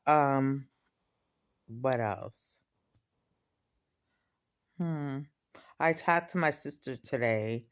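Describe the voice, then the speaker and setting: Slow, smooth-voiced man rambling. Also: mid-range voice. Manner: rambling and confiding, full of fillers and repeats. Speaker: vlogger. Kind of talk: personal video diary.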